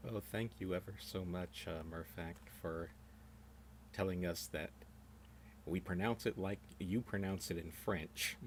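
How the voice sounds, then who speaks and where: Deep-voiced wry man chatting on stream. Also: unhurried, a little hiss or hum. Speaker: tour guide. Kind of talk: casual chat on a live stream.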